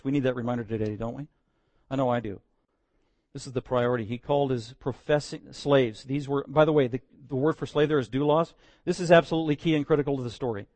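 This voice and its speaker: A man preaching a sermon as pastor, swinging between loud, emphatic declarations and quiet, earnest asides. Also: fairly high pitch, no room sound. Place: church.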